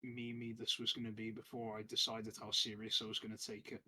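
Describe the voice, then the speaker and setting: A man's voice: fairly low pitch, completely flat delivery, brisk, pushed and bright, slight background noise. A man co-hosting a casual podcast, pressing his argument and talking over others. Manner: argues points, talks over others. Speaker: podcast co-host. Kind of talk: casual group chat.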